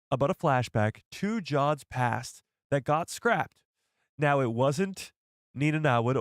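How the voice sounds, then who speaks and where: Male host, casual live-stream chatter, mid-pitched voice, close dry mic. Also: no echo. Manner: chatty, laughs often, addresses chat.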